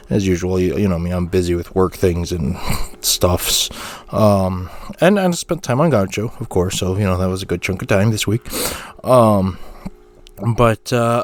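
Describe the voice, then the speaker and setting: Rambling, jokey male podcast host. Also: on the low side. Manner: rambling and jokey, with many fillers and restarts. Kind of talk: solo podcast chat.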